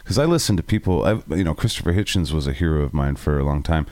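A man's voice: rumbling low, lively intonation, fast talker, a little mellow, no echo. A man hosting a casual podcast chat, joking around with crude humor and poking fun at himself. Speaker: podcast host.

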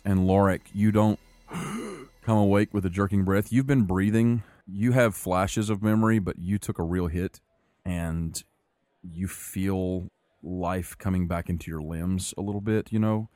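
A man with a deep, mellow voice, calmly narrating a tabletop adventure as game master. The recording is dry and close. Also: a little slow, dry recording.

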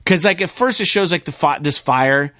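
A man co-hosting a gaming podcast, talking casually and excitedly, swearing often and rambling. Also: fairly high pitch, moderate pace, no room sound, clean studio sound. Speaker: podcast co-host.

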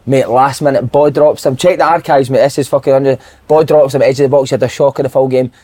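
A man, a podcast co-host and former footballer, telling a lively, swear-filled dressing-room story in casual chat. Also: medium pitch, fast. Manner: swearing, animated anecdote-telling with put-on voices.

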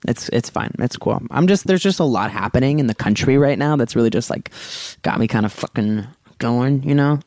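A man's voice: mid-range voice, a little fast, a little mellow, dry recording, natural voice. Deborah, a man playing a hot-tempered flight attendant. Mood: ranting. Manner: flustered, hot-tempered, swearing outbursts. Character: edgy, ranting female flight attendant. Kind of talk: improvised comedy sketch.

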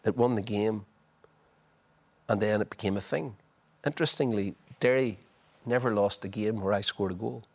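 A middle-aged man, a former footballer telling lively anecdotes as a guest, full of "you know". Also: on the low side, normal speed, creaky. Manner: chatty, leans on "you know", acts out scenes. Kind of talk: animated anecdotal storytelling.

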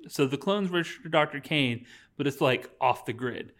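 A man's voice: medium pitch, lively intonation, fairly bright tone. A man hosting a podcast, recapping a movie in casual chat, rambling and acting out lines from the film. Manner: rambling, acts out characters' lines in quick voices. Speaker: podcast host.

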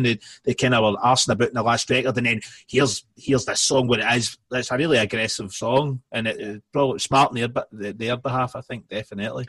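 A man's voice: medium pitch, fairly even intonation, fast talker, few pauses, fairly bright tone, slightly rough, no echo. A man co-hosting a casual music podcast, giving blunt, sweary opinions. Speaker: podcast co-host.

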